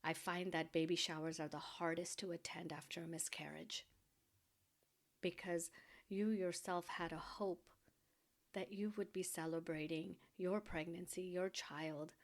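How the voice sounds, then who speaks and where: A middle-aged woman hosting a podcast, giving gentle advice in a soft, slow, reassuring voice that often drops to a whisper. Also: on the low side, level tone. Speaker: podcast host.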